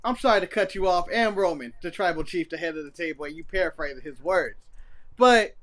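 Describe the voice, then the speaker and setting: A man co-hosting a casual wrestling podcast, animated and laughing often. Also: high-pitched, a little fast. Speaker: podcast co-host.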